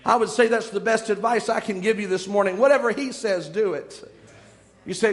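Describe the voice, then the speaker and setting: A man preaching a fervent sermon, slowing into drawn-out emphasis when he reads scripture. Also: high voice, in a large hall.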